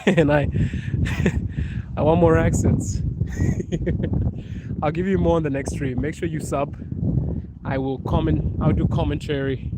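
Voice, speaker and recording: A man's voice: medium pitch, very noisy. A young man from Africa livestreaming outdoors as he walks a cold city street, joking casually with viewers and laughing often. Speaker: livestreaming vlogger.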